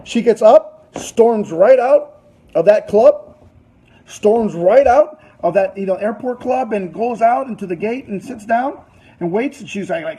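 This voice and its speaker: A man tells a rambling story to a business audience in a fairly high, husky voice. His tone is mellow rather than bright, and his telling is loose and chatty, full of fillers and asides. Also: lively intonation, moderate pace, poor audio. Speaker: business presenter.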